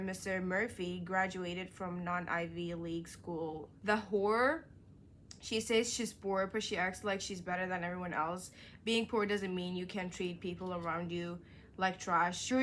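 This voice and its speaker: A woman's voice: medium pitch, fairly bright tone, a little hiss or hum. A young woman, a book vlogger, reading reviews aloud and reacting with exasperated rants. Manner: exasperated, ranting, quick to get worked up.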